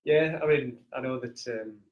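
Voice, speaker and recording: A man's voice: medium pitch, normal speed, highs cut off. A man with a non-native English accent hosting a casual chat on a video call, often hesitating and repeating words. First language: not English. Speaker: host.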